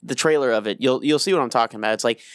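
A man's voice: mid-range voice, racing, fairly bright tone, no room sound, clean studio sound. A man co-hosting a podcast, telling casual stories with swearing and acting out his reactions. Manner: chatty, swearing, acts out his own reactions. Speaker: podcast co-host. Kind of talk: casual storytelling banter.

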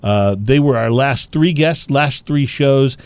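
Brief: male podcast co-host, mid pitch, relaxed and rambling, dry close-mic sound. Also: takes it slowly, no room sound. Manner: relaxed, rambling, self-deprecating. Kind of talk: casual chat.

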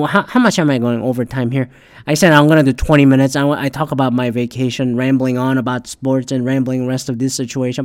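A middle-aged man rants alone on his podcast, swearing constantly and stumbling over restarts as he gets worked up. His voice sits a little higher than most men's. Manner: profane, ranting, animated, with frequent restarts. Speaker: podcast host. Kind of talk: solo rant podcast.

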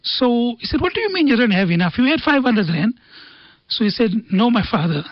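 A man's voice: extremely high pitch, big pitch swings, a little fast, no room sound. A man speaking as a radio guest, telling stories and quoting Arabic sayings in an earnest talk on faith and family. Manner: earnest storytelling with Arabic quotations. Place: radio studio. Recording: dull dry radio studio sound.

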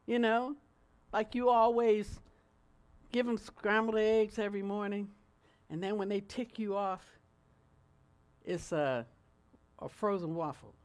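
Middle-aged woman preacher, high and very animated, chatty sermon delivery. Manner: lively, conversational, swings between loud and soft.

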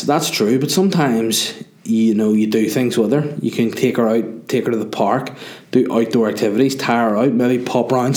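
A man's voice: medium pitch, a little mellow. A young man, a comedian hosting his own podcast, chatting casually in a rambling, self-mocking, sweary way and sounding tired. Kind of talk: casual solo podcast chat.

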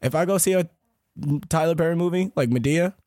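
A young man co-hosting a podcast in casual chat, animated and slangy, swearing freely. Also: a little high, a little fast, dry recording, studio quality. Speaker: podcast co-host.

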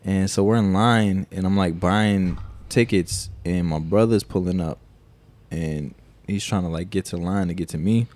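A man co-hosting a podcast, telling a story in casual chat, animated and profane, acting out the quotes. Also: low-pitched, normal speed. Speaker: podcast co-host.

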